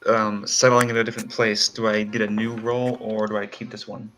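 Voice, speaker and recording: Bright-voiced man joking at the table. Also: lowish voice, brisk. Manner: joking, relaxed banter. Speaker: player. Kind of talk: casual tabletop game chat.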